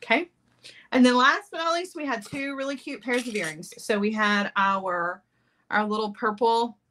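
A woman's voice: mid-range voice, bright, forceful tone. A middle-aged woman hosting a jewelry-making livestream, chatting casually, reading viewer comments and laughing often.

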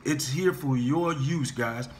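A man teaching a singing lesson, talking his students through warm-up scales and encouraging them, often stopping to repeat himself and say "okay?" and "guys". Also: medium pitch, slow. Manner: restarts and stammers while explaining.

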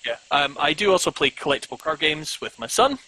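A man's voice: on the high side, expressive, fairly quick, pushed and bright, slight background noise, poor audio. A man chatting casually as a guest, rambling with lots of "um"s and self-mocking jokes. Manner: rambling, frequent ums, self-mocking humor. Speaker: podcast guest. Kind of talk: casual video-call chat.

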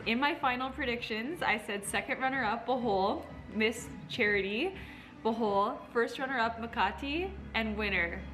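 A woman giving live reaction commentary, excitable and talking straight to her viewers. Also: on the high side. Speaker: pageant reactor.

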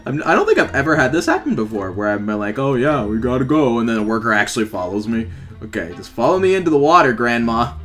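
A man's voice: mid-range voice, big pitch swings, fast, fairly bright tone. A young man doing playful, sarcastic gameplay commentary as a gaming YouTuber, often laughing as he talks. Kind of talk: gameplay commentary while trolling. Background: faint background music.

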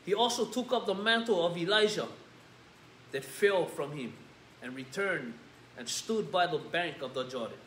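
Hawaiian pastor, bright and echoey. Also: male voice, a little high, lively intonation, normal speed, slight background noise. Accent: Hawaiian Pidgin-tinged English. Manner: casual, peppered with "yeah?" and "bro". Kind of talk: informal sermon with scripture reading. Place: church sanctuary.

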